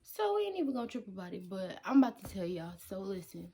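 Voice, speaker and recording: A young woman from Detroit talking casually to camera as a vlogger. She tells a story in a slangy, animated way and acts out her own lines. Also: medium pitch, quick pace.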